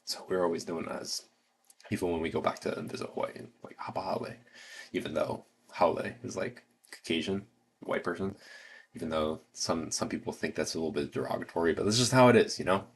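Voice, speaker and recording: Low-voiced rambling American man. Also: fairly quick, a little hiss or hum. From United States. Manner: rambling, with many fillers and restarts. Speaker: livestream host. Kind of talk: casual livestream chat.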